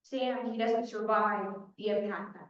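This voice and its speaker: A woman's voice: medium pitch, steady tone, unhurried. A young woman giving a dramatic opening statement as defense attorney in a mock trial, telling the story in punchy short sentences. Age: young adult. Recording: dull, echoey hall from far off.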